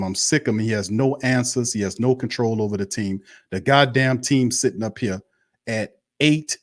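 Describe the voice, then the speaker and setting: A sports show host with a lowish voice rants bluntly and profanely on a live sports stream, repeating himself in heated bursts. The audio is clean studio sound with no echo.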